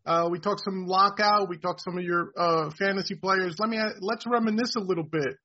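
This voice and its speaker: Host: high, husky man with a New York accent, effusive and rambling, on dull lo-fi audio. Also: steady tone, pushed and bright. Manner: rambling, effusive, halting restarts. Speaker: podcast host, site founder. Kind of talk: casual sports chat. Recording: dull lo-fi sound.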